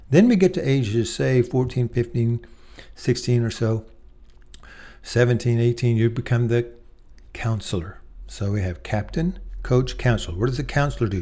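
A middle-aged man giving a faith-based talk on parenting, measured and emphatic, slowing down on key points. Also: mid-range voice, mellow. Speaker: speaker on parenting.

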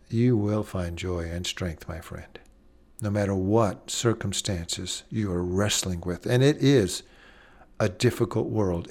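A man preaching a sermon in an earnest way, slowing down and pausing, and dropping soft on key phrases. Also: lowish voice.

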